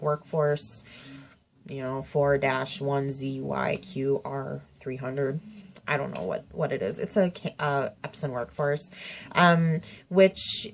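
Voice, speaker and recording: A stuffy-nosed woman from Minnesota, a craft vlogger, rambles through a casual tag video in her home craft room, full of fillers and self-corrections. Her voice is deep, and there's a slight hiss or hum in the audio.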